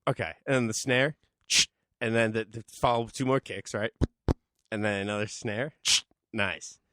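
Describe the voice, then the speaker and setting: A man co-hosting a podcast in casual banter, goofy and deadpan, slipping into silly sound effects. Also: on the low side, normal speed, background noise. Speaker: podcast co-host. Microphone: studio mic.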